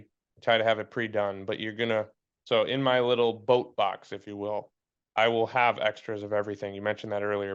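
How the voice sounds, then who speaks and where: A man's voice: fairly low pitch, smooth, dull audio. A man co-hosting a fly fishing podcast in casual chat, blunt and fired up, swearing freely and preaching his point.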